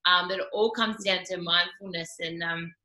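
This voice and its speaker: A woman's voice: on the low side, steady tone, sharp tone. A woman hosting an interview, chatty and affirming, with frequent ums. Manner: chatty, filler-heavy, quick affirmations. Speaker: interview host. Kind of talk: casual interview chat. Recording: roomy echo.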